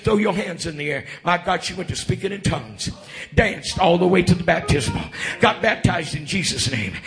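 A man preaches a revival sermon in a church, his voice high and bright. He swoops up and down and builds into shouted, chanting calls to the people in the pews. Soft music plays behind him. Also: expressive, moderate pace.

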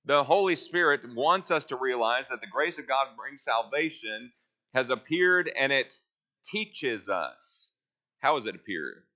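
Guy teaching bible class, bright forceful voice, asks questions then answers them, kinda dull lo-fi sound. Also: medium pitch, lively intonation, a little slow.

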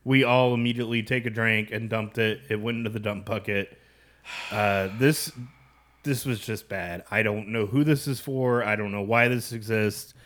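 A man's voice: on the low side, steady tone, moderate pace, a bit bright. A man co-hosting a beer podcast, wry and easygoing, speaking straight to the listeners. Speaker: podcast co-host. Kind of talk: casual beer-review banter.

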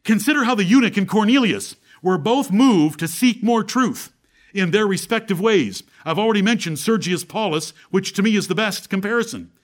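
A man preaching a sermon to his congregation. He asks rhetorical questions, quotes scripture, and swings between fervent build-ups and low, quiet stretches. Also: animated, normal speed. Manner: preaches with rising fervor, then drops to a low, quiet tone; rhetorical questions and Bible quotations.

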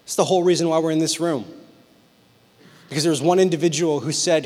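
A man with a fairly high voice delivers an animated, humorous sermon to a youth group, hamming up quoted lines for laughs. His voice rings with a long reverb off the walls of a big hall. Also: fast, pauses often. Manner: animated, joking, acts out quotes. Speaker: youth pastor. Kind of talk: storytelling sermon to teens.

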